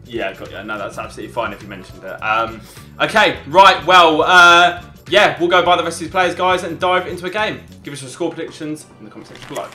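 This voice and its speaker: Gaming YouTuber, male, excitable banter, bright tense voice in a roomy space. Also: fairly high pitch, fast talker. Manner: excitable, shouts at goals, laughs a lot. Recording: roomy echo with game music behind.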